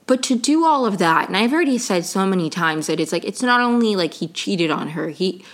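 A woman's voice: medium pitch, animated, fairly quick. A young woman hosting a podcast, ranting in casual commentary with exasperation, swearing and lots of fillers. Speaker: podcast host.

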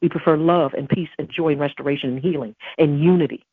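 Earnest woman preaching on her podcast, kinda husky, dry tinny phone-ish sound. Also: low-pitched, fast, dry recording. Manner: earnest, emphatic, quotes scripture. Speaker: podcast host. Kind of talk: devotional preaching.

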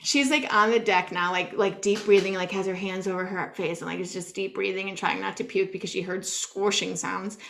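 A woman co-hosting a podcast, telling a story in a casual, animated way, full of "like" and acting out what she said. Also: mid-range voice, fairly quick, creaky, hardly any pauses, slight background noise. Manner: animated, peppered with "like", acts out her own quotes. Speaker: podcast co-host.

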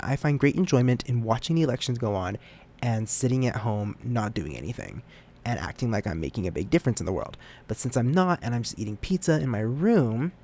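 A man's voice: medium pitch, gravelly, darkish tone. Young male podcast host, loose casual delivery, self-deprecating, trips over his words. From United States. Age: young adult. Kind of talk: casual solo podcast chat.

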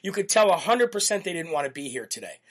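A man hosting a political talk show, telling a story in an animated way with a lot of repetition for emphasis. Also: fairly high pitch, fast talker, breathy edge. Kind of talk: live-streamed monologue.

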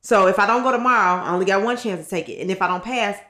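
A woman's voice: medium pitch, rapid-fire, bright, forceful tone. A woman in her thirties, co-hosting a podcast and telling a personal story in a candid, blunt way, swearing freely and acting out what others said. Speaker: podcast co-host. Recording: roomy echo.

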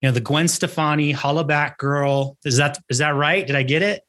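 A man's voice: a little high, a little fast, fairly bright tone. A man hosting a podcast interview, friendly and encouraging, asking questions in a casual way. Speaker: podcast host.

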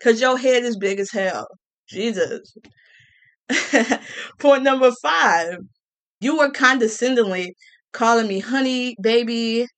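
A woman ranting casually to her viewers, sassy and animated, with colloquial speech, repeated words and mocking quoted voices. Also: a little high, slow, pauses often. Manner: colloquial, with many restarts and repeats. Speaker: vlogger. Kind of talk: casual rant to camera.

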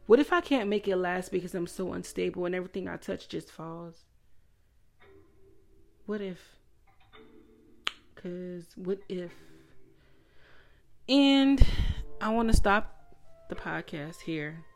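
A woman's voice: lowish voice, lively intonation, moderate pace, vocal fry, faint music behind. Woman musing aloud on her podcast. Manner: reflective, rhetorical questions, self-deprecating laughs. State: emotional, voice breaking. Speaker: podcast host. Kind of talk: casual solo podcast monologue.

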